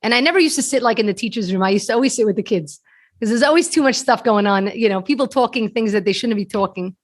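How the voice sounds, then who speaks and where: A woman's voice: fairly high pitch, quick pace. A woman guest on a podcast, telling a story earnestly and repeating words as she gets going. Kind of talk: storytelling in conversation. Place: podcast studio.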